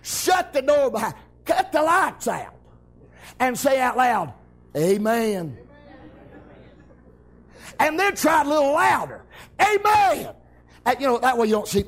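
A man preaching a revival sermon, hollering amens and shouting with exuberant celebration. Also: very high-pitched.

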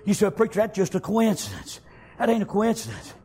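A man preaching a fervent testimony sermon, full of amens, folksy telling and bursts of shouting. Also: high-pitched, sing-song, a little fast, husky. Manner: fervent, repeats "amen" and "praise God", swells into shouting.

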